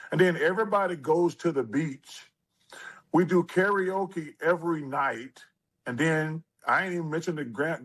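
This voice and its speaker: An older man in his sixties telling stories as a guest in an interview. His voice sits slightly higher than most men's. He tells them with animated delivery and acts out other people's lines. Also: slightly rough, low-quality recording. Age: 60s. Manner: animated storyteller who acts out quotes. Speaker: interview guest, former basketball player. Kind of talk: storytelling interview.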